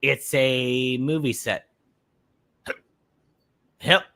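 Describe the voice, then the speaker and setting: A man's voice: medium pitch, steady tone, drawn-out words, pushed and bright. A man hosting a live stream, giving rambling, sarcastic commentary while fighting off hiccups. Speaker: podcast host reacting to a stream.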